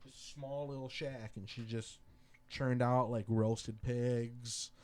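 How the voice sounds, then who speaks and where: A young man co-hosting a podcast, talking in a laid-back, slangy way and getting animated when he tells stories. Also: medium pitch, slow. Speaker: podcast co-host. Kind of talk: casual chat.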